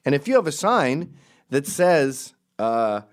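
A middle-aged man from Canada telling an animated story, jumping into high put-on voices and laughing mid-sentence. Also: slow pace. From Canada, raised in Quebec. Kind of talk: storytelling monologue.

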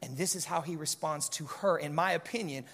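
A man preaching as a guest pastor, joking and animated. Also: fairly high pitch, a little fast, gravelly, in a large hall. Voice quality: animated, joking, loud storytelling. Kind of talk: sermon.

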